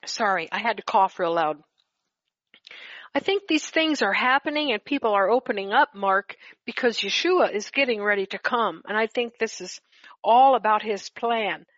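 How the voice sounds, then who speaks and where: A woman leading a group Bible study over a call, talking haltingly with many restarts. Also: medium pitch, fairly bright tone, no room sound, lo-fi sound.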